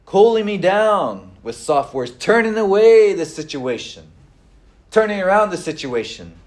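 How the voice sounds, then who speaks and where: A middle-aged man preaching a sermon in a conversational way, with frequent fillers and pauses. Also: high-pitched, very animated, a little mellow. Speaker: pastor.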